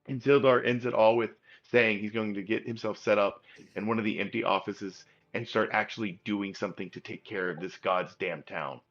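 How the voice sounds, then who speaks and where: A man's voice: on the low side, steady tone, normal speed, a bit bright, muffled recording. A man narrating as game master in a loose, rambling way, while losing his voice. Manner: loose, rambling with many fillers.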